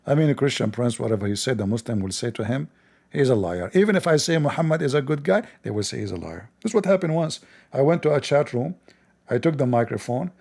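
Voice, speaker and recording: A man's voice: medium pitch, expressive, fast talker, creaky, darkish tone. A man hosting a livestream, talking in a sarcastic, mocking way. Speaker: livestream host.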